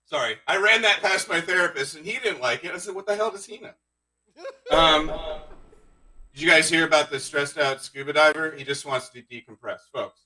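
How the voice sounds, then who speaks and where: A man doing a stand-up comedy set, telling deadpan one-liners with awkward asides. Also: a little high, a little fast, distant mic, poor audio. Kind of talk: stand-up set streamed live.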